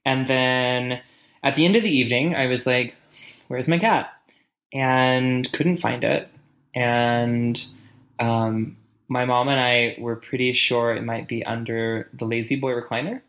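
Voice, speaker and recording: A man telling a long personal story in relaxed chat. He pauses often and muses aloud, with frequent fillers. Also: medium pitch. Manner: reflective storytelling, many fillers. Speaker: conversation partner. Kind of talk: casual chat.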